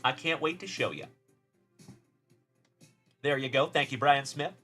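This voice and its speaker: A man from Texas hosts a live card-opening stream, speaking at an unhurried pace in a medium-pitched voice with soft music in the background. He's upbeat and chats casually, cheerfully shouting out viewers from the chat by name.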